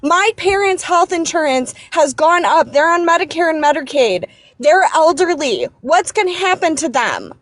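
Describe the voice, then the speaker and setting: A woman's voice: very high voice, very animated, moderate pace, a bit bright. A woman calling into a live stream, speaking in an impassioned political rant, angry and shaken, repeating herself and restarting her sentences. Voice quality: emphatic, repeats herself, restarts when upset.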